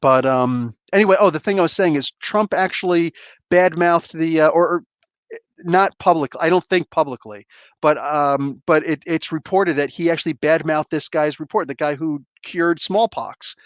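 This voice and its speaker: A man's voice: fairly high pitch, normal speed, dry recording, highs cut off. A man in his forties hosting a livestream, ranting bluntly in casual, rambling talk. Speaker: livestream host.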